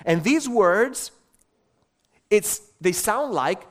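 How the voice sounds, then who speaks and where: A middle-aged man preaching a sermon, telling stories in an emphatic, animated way. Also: on the high side, a little slow.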